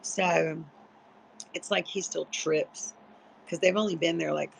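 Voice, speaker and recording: A woman's voice: fairly low pitch, steady tone, slow pace, vocal fry, slight background noise, low-quality recording. A sleepy woman chatting casually and rambling on a late-night livestream, salty and profane. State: sleepy, yawning.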